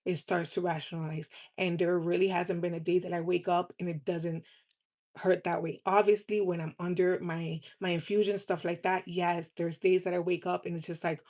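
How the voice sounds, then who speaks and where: A woman chatting on a live stream in a lowish voice. She speaks with earnest, heartfelt feeling and keeps her tone fairly even, often repeating words to drive a point home. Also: moderate pace. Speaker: live streamer selling cosmetics. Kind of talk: casual live-stream chat.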